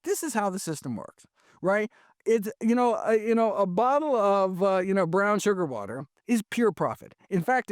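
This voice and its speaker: A man, a physician guest, answering in an animated, emphatic conversational style, often tagging points with "right?". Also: sits high, no room sound, studio quality. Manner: animated, emphatic, frequent "right?" and "you know".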